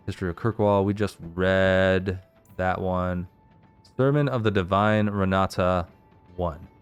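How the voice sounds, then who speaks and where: A man with a low, smooth, resonant voice reads fantasy game lore aloud as a let's play host. He keeps a steady reading pace and pauses to work out the pronunciation of unfamiliar names, with game music faint behind him.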